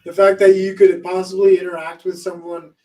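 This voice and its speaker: A man rambles hesitantly through a casual podcast chat. He is recorded well away from the mic, and his voice is a little high and mellow. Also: monotone, brisk, recorded from a distance, low-quality recording. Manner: rambling, hesitant, fillers and restarts.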